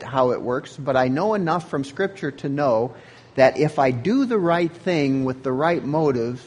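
A man's voice: on the high side, a little mellow, husky. A man preaching a sermon as pastor, in an earnest, conversational way.

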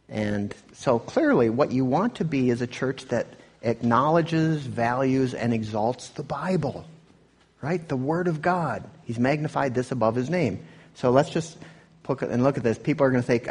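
A man's voice: medium pitch, darkish tone, husky, big-room sound. A man pastor giving a conversational sermon, often restarting and asking "right?". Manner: conversational, self-interrupting, rhetorical "right?". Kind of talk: sermon with commentary on clips.

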